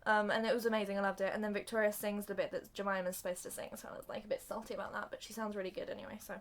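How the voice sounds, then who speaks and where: A young woman recapping a film plot for comedy, acting out the characters' lines in an animated way. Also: mid-range voice, racing. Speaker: video reviewer.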